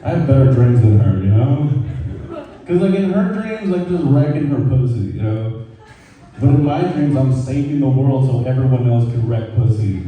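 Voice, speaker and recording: A man's voice: medium pitch, animated, moderate pace, narrow, tinny audio. A man doing a casual, swearing stand-up comedy set on stage at a brewery, with a dry mouth. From Mexican heritage. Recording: echoey room from far off.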